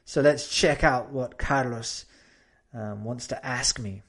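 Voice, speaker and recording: Brief: male language-teacher host, unhurried delivery, relaxed and conversational. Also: mid-range voice, breathy edge. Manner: relaxed, many fillers, demonstrates example phrases. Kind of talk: casual teaching chat mixing Spanish and English.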